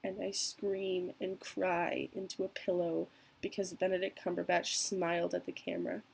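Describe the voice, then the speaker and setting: A young woman speaking candidly and emotionally in a personal vlog, with trailing pauses. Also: fairly low pitch, little pitch movement, creaky, a little mellow, slightly rough, low-quality recording. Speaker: vlogger.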